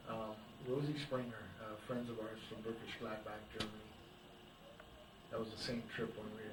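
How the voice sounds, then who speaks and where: An older man chats his way through a slide show, rambling from one story to the next and laughing at his own jokes. He is picked up from across a reverberant room, with faint background noise underneath his voice. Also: medium pitch. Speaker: guesthouse owner giving a slide talk. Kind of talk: casual slide-show talk to a local history group. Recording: roomy, distant amateur recording with faint background noise.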